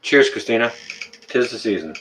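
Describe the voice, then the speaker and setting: A Canadian livestream host in his fifties chats casually with viewers, joking and teasing amid frequent fillers and restarts. His mid-range voice is animated and a bit bright at a normal speed, with slight background noise behind it.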